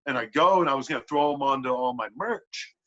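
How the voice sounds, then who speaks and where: A man on a podcast telling a wrestling story in casual, animated talk, swearing a lot and filling with "like". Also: mid-range voice, a little fast. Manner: animated, profane, lots of "like" fillers. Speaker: podcast guest, pro wrestler. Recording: dull lo-fi podcast audio.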